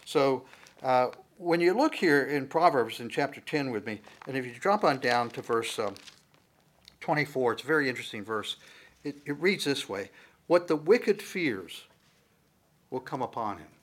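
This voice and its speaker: A man preaching from the Bible, his voice at an ordinary middle pitch for a man. He talks to the congregation in a loose, conversational way, then pushes certain words out with a louder, emphatic lift. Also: expressive, normal speed. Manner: conversational teaching, rising to emphatic loud stresses. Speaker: pastor. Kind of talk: sermon, Bible teaching.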